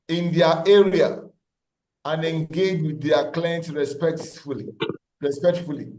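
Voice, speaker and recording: A man's voice: a little high, darkish tone, echoey room, rough recording. A man lecturing an online class over a video call, repeating key phrases and asking the class questions.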